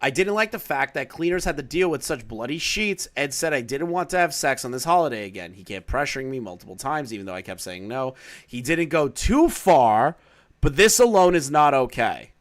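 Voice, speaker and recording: Male commentary YouTuber reading a document aloud, mid-range pitch, loose and profane, dry sarcastic asides. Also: sing-song, brisk.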